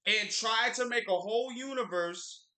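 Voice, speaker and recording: A man co-hosting a casual livestream, talking about pop culture in an animated, opinionated way and repeating words for emphasis. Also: high-pitched, normal speed, roomy sound. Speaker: livestream co-host.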